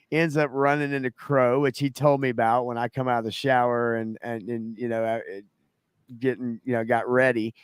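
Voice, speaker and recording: Easygoing Southern man, smooth voice. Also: medium pitch, fairly bright tone, dry recording, clean studio sound. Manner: laughs often, rambling with fillers, easygoing. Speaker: podcast co-host. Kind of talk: casual storytelling chat.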